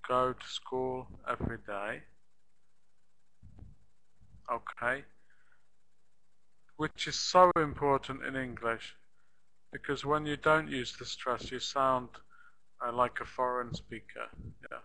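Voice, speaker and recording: Slow, patient male English teacher. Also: mid-range voice, pushed and bright, a little hiss or hum, rough recording. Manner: slow, patient explaining with repeated model phrases. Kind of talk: live online class teaching.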